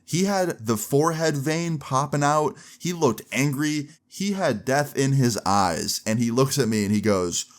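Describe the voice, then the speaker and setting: A man's voice: medium pitch, animated, measured pace, hardly any pauses. A young man telling a personal story in a casual, slangy way for a vlog. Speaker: vlogger.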